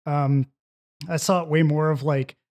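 A man's voice: a little high, fairly even intonation, measured pace, darkish tone. Rambling man in casual chat. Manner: rambling, many fillers and restarts. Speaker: podcast co-host. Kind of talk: casual film discussion.

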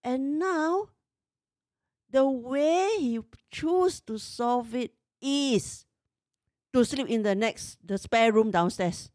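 A woman's voice: sits high, slow pace, a little mellow, no room sound, studio quality. A woman in her fifties tells a personal story in an emotional, exasperated way. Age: 50s.

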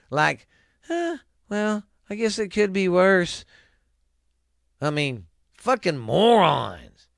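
A man's voice: medium pitch, sharp tone, no echo, clean studio sound. A man hosting his own show, ranting angrily at his listeners, swearing constantly and rambling as he goes. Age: adult with children. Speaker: show host. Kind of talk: angry profane rant to listeners.

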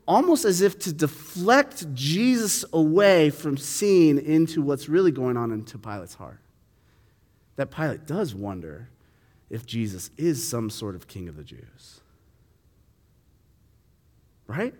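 Casual preacher, a man with a slightly high voice, quizzing his congregation in a reverberant hall. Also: sing-song, unhurried, darkish tone. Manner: conversational, asks the audience questions, acts out quoted lines. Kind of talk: sermon teaching on a Bible passage.

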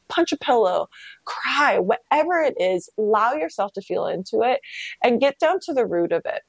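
A woman hosting a casual solo podcast, talking candidly and self-reflectively, with swearing and pitch leaps when emphatic. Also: creaky, darkish tone, no room sound. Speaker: podcast host.

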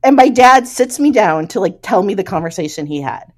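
Animated woman telling a laughing story. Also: medium pitch, fairly quick. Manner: animated, laughing storyteller who acts out quoted voices. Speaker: podcast co-host. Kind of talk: casual storytelling chat.

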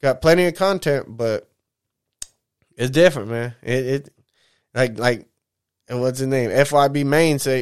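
Rambling mid-thirties man, smooth voice. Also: mid-range voice. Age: 30s. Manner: rambling, drifts off topic, says "man" a lot; candid and emotional, swears casually. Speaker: vlogger. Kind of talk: casual rambling monologue.

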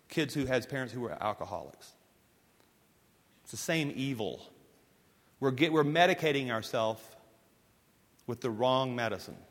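Male pastor preaching, emphatic storytelling, goes loud then quiet, mid voice, big echoey church hall. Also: medium pitch. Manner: emphatic storytelling, swinging between forceful and hushed. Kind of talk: sermon. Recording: long hall reverb.

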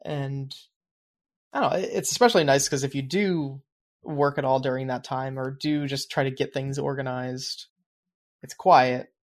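A podcast co-host talks in a mid-range voice at a normal speed, his intonation fairly even. In casual chat he rambles and reflects, using plenty of fillers as he explains his planning habits at length.

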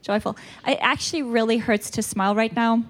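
A South African woman speaks a little fast in a fairly high voice with fairly even intonation. She's a retreat speaker giving a candid, chatty church teaching with a stuffy nose, laughing at herself now and then.

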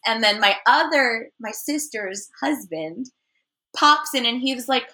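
A woman's voice: a little high, moderate pace. A woman on a podcast chatting casually, animatedly acting out relatives' voices in a funny story. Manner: animated, acts out family voices. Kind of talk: casual chat.

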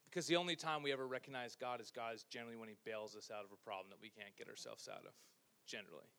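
Bright, forceful male preacher. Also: mid-range voice, rapid-fire, smooth. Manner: animated storytelling with joking asides. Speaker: pastor. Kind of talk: sermon. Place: church stage.

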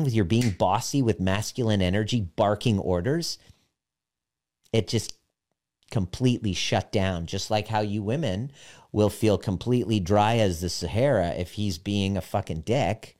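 A man coaching on relationships in a candid, profane monologue, dropping softer when he retells conversations. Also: low voice, normal speed. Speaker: personal development coach. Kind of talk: casual monologue.

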